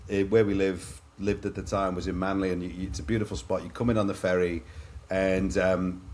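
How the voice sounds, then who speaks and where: A man's voice: low-pitched, little pitch movement, a little fast, darkish tone. A middle-aged man from Liverpool with an English accent, a podcast guest telling his own stories in a chatty, anecdotal way and calling the host "mate". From Liverpool, England. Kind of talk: candid storytelling in a podcast interview.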